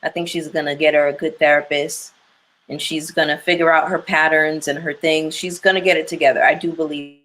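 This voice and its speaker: A woman's voice: low-pitched, level tone, brisk, fairly bright tone, a little hiss or hum, low-quality recording. A young woman hosting a live stream, talking candidly and emphatically to her viewers and reading their comments aloud. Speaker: livestream commentary host.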